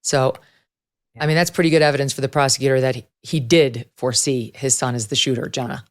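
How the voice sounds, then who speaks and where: A middle-aged woman hosting a talk show, blunt and brisk, arguing her point. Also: rumbling low, fairly even intonation. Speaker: host.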